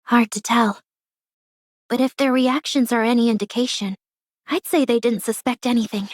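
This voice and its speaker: A woman's voice: fairly high pitch, steady tone, normal speed, no echo, close to an everyday voice. An actress voicing a scheming, cynical young woman ex-idol who talks in a cool, mocking, calculating way. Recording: dry close studio recording.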